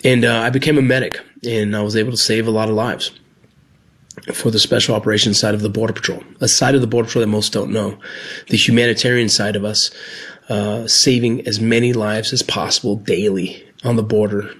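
A former Border Patrol agent and medic, a man speaking earnestly about his past work, halting at times with restarts. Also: on the low side, level tone, fairly bright tone, slightly rough. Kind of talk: personal storytelling.

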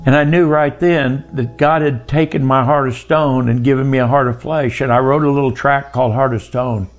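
A man's voice: medium pitch, steady tone, normal speed, soft background music. An older man telling his personal testimony in a folksy, plainspoken way.

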